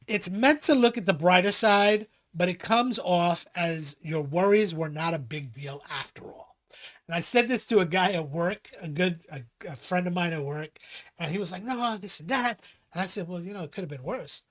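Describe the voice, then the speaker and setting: Animated man telling stories. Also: high-pitched, normal speed. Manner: animated storyteller, acts out quotes; laughs often. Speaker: podcast co-host. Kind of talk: casual chat.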